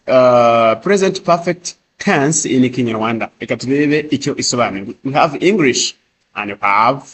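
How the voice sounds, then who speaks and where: A man teaching an English grammar lesson, reading example sentences slowly and explaining them quickly in between. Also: mid-range voice, slight background noise. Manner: slow drilled example sentences, then rapid explanations. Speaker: language teacher.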